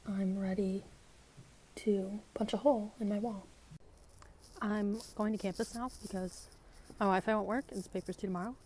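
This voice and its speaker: A woman's voice: mid-range voice, steady tone, normal speed, pauses often, mellow, a little hiss or hum. Young woman vlogger, mid-range voice, chatty and rambling, phone-camera sound. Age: young adult. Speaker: study-abroad student vlogger. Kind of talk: casual vlog chat.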